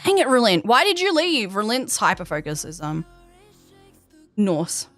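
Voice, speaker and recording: A woman's voice: mid-range voice, very animated, unhurried, a bit bright, dry recording, faint music behind. Chatty Australian woman streamer. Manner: rambling, chatty, reads and answers chat. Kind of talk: casual chat while gaming. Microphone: headset.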